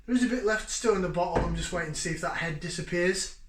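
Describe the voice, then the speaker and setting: A man hosting a beer review channel, talking casually and jokingly with lively bursts of enthusiasm. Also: high voice, fast talker, reverberant, slight background noise. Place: home room, indoors.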